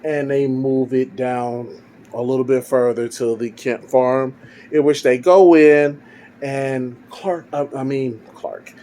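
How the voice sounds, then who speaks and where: A man casually narrating a story he wrote, wandering through it with fillers and restarts. His voice is dark and mellow, with an ordinary middle pitch. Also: fairly even intonation, takes it slowly. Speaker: fan fiction storyteller.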